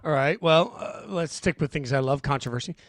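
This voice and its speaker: A man's voice: on the high side, a little fast, no echo. A man hosting a casual sports podcast in a playful, jokey manner. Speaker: podcast host.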